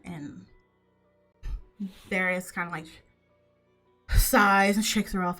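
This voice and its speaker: A woman's voice: on the low side, fairly even intonation, slow pace, pauses often, a bit bright, faint music behind. A woman narrating a tabletop game as game master, slipping into character voices for the quoted lines.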